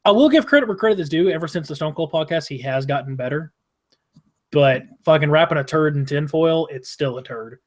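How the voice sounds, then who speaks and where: Blunt, foul-mouthed man with a higher voice. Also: expressive, a little fast. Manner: blunt and opinionated, swears freely. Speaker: podcast co-host. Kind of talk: casual wrestling podcast chat.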